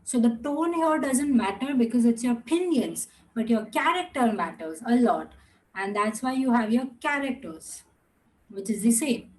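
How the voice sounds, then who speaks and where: A young woman with a high voice teaches an online class. She goes patiently, repeating each word slowly and stretching its tones. Now and then she slips into another language mid-sentence. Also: animated, low-quality recording.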